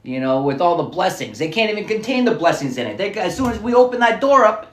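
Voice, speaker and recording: A man's voice: sits high, very animated, quick pace, a bit bright, reverberant. A man musing through a rambling, repetitive spiritual monologue, looping back over his phrases as he thinks aloud.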